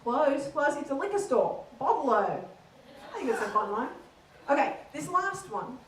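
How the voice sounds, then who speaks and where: A woman's voice: high-pitched, sing-song, moderate pace, roomy sound, distant mic, a little hiss or hum, rough recording. A woman doing a stand-up comedy set in an Australian accent, playful and teasing the audience in a comedy theater.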